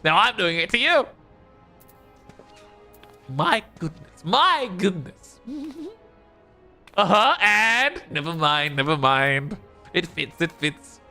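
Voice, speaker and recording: A man's voice: a little high, slow pace, creaky, pushed and bright, clear, resonant tone. An Australian man streaming a game, chatty and giggly, rambling as he plays. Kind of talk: casual gaming commentary. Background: game music.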